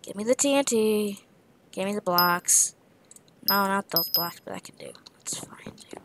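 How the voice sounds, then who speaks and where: A woman's voice: medium pitch, unhurried, a bit bright, slight background noise. A tired woman giving casual commentary on her own gameplay, rambling and tossing out playful trash talk with muttered asides.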